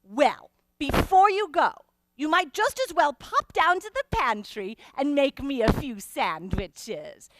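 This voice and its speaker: A woman's voice: high-pitched, sing-song, a bit bright, no echo, exaggerated voice. A woman doing a cooing, bossy lady passenger. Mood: coaxing. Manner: bossy, cooing, drawn-out requests. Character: fussy demanding woman passenger, imperious.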